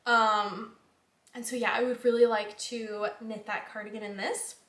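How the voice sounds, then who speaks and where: A young woman hosts her knitting vlog in a loose, chatty way, trailing off and circling back with plenty of likes and ums. Her voice sits a little high, and the room around her rings with a noticeable echo. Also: little pitch movement, normal speed, a bit bright. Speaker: knitting podcast host. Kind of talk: casual chat. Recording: echoey room.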